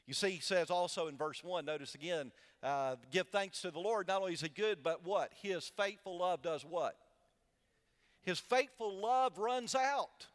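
A man's voice: sits high, fairly bright tone. A male pastor preaching a sermon in a large church with a balcony. He uses call-and-response, posing questions for the congregation to answer back. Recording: long church hall reverb.

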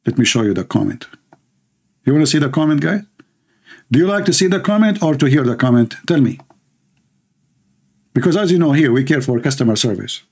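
Gravelly, mocking livestream host. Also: male voice, medium pitch, animated, brisk, pauses often, darkish tone. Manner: mocking, laughing, reads comments aloud. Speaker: livestream host reading comments. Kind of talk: sarcastic livestream commentary.

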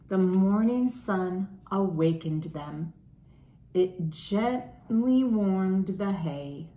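An older woman reads a children's picture book aloud, gentle and unhurried. Her voice sits low and she takes it very slowly, with a faint hiss of noise in the background. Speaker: storybook reader.

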